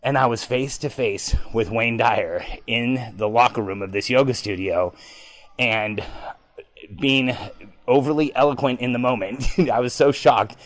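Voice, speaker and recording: A man hosting a podcast, telling a story in an animated, excitable way with frequent ums. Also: medium pitch, a little slow, no echo, poor audio. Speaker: podcast host. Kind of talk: storytelling monologue.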